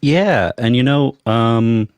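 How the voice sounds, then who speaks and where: A man co-hosting a casual livestream, talking in a relaxed, joking way. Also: mid-range voice, takes it slowly, clean tone, dry recording. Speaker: co-host.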